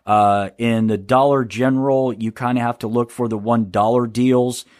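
A man's voice: medium pitch, fairly even intonation, normal speed, a little mellow, no room sound, studio quality. Sarcastic rambling male podcast host. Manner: sarcastic, rambling, stammers and laughs. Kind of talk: solo podcast monologue.

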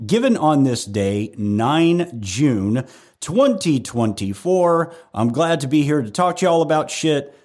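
A man's voice: medium pitch, a little mellow. A man hosting his own podcast from home, chatting casually with a loose, self-deprecating manner, free swearing and frequent restarts. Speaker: podcast host. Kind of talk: casual rambling podcast monologue.

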